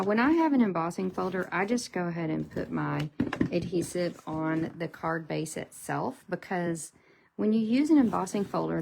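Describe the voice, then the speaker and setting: A middle-aged woman hosting a casual card-making tutorial, chatty and unhurried, thinking aloud as she works at her craft table. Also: on the low side, gravelly, a little hiss or hum.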